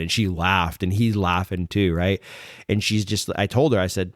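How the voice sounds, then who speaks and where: A man hosting a podcast, telling a story casually, rambling with lots of "like" and "um" and restarting his sentences with excitement. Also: fairly low pitch, a little fast, dry recording, studio quality. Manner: rambling, heavy use of fillers like "like" and "um"; excited, retelling events with restarts. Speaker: podcast host.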